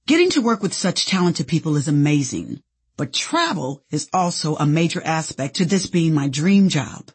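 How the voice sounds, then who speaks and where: A woman's voice: low-pitched, sing-song, moderate pace, a little mellow, breathy edge. A woman from Indianapolis, an actress, narrating her own memoir in a candid, playful storytelling manner. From Indianapolis, USA.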